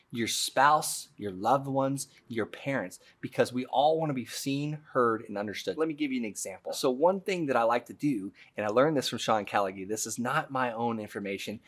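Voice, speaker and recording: A man coaching real estate negotiation, talking straight to the viewer with energetic, emphatic delivery and acted-out sample questions. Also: medium pitch. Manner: energetic, emphatic teaching with role-played seller dialogue. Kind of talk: instructional talk to camera.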